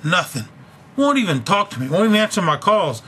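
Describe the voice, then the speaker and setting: A man's voice: high-pitched, sing-song, a little fast, sharp tone, a little hiss or hum. A young man venting on a video blog, talking angrily and profanely about being fired. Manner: angry, ranting, profane. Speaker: video blogger. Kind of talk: casual venting vlog.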